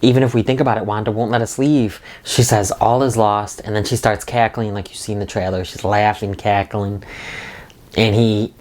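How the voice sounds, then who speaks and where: A man's voice: lowish voice, flat delivery, fairly quick, darkish tone. A man giving a casual, enthusiastic spoken recap and review of a TV episode, rambling with restarts and quoting dialogue. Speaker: video reviewer.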